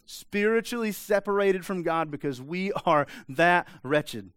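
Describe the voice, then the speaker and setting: A male pastor preaches emphatically in a conversational way, now and then dropping into quiet, intense asides. His voice is slightly high and smooth and clear. It is recorded close, with a dry sound. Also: expressive, measured pace, no echo. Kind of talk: sermon.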